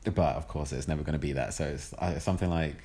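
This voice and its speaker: A man's voice: very deep voice, steady tone, fast, dark tone. A young man from Britain co-hosting a casual chat, easygoing and playful, laughing a lot. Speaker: podcast co-host.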